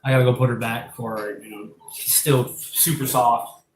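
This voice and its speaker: Rambling, excitable man in an echoey room. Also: medium pitch, normal speed, a little hiss or hum. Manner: rambling, excitable, laughs and swears often. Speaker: live-stream host showing his pet invertebrates. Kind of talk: casual rambling live stream. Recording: echoey room with faint ambience.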